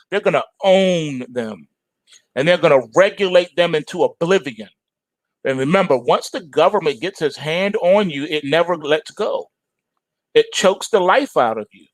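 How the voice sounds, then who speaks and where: Animated slangy market-show host man. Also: high voice, no room sound. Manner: animated, slangy, ranting asides. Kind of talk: casual market commentary.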